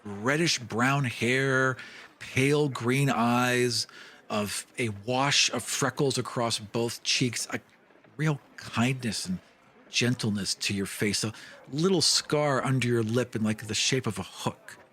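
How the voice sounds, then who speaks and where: A man narrating a tabletop game as game master, relaxed and descriptive, with frequent fillers. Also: mid-range voice, takes it slowly, slightly rough.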